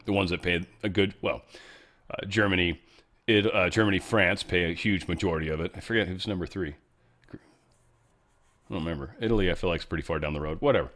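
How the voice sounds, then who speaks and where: Talking fast but pausing often, this podcast host has a low voice with a fairly bright tone. His casual political commentary rambles offhandedly through the news, and he keeps correcting himself mid-stream.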